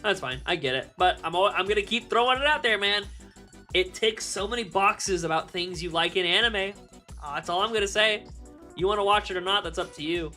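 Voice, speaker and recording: Speaking to his chat in a casual way, a young male streamer has a high, bright, forceful voice. He's animated, laughing and swearing readily, while faint music plays underneath.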